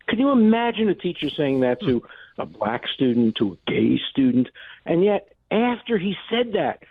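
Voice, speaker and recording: An older man, a law professor guest on a phone-in interview, speaking forcefully and indignantly, with emphatic repetitions. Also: fairly high pitch, sing-song, normal speed, no echo. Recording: dry tinny phone line.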